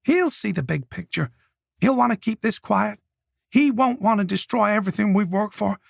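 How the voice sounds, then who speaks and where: A man's voice: high voice, animated, moderate pace, vocal fry, no echo, studio quality, pitched above the performer's own voice, heavily acted. A man voicing Priscilla, a cold schemer. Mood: cool, persuasive. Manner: firm, controlling, clipped. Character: cold, scheming woman who stays calm under pressure. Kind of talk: audiobook character voice.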